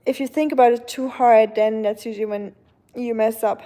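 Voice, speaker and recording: A woman with a German accent chats casually with her stream viewers, rambling on with plenty of fillers. Her voice sits a little high but sounds soft and mellow. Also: fairly even intonation, moderate pace. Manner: chatty and rambling, with lots of fillers. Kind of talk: casual chat with viewers while gaming.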